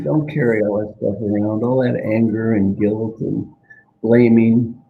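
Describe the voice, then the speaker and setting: A man's voice: lowish voice, fairly even intonation, a little slow, creaky, narrow, tinny audio, slight background noise. An older man, a guest coach, talking reflectively in an interview and repeating key phrases for emphasis. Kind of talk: reflective interview talk with storytelling.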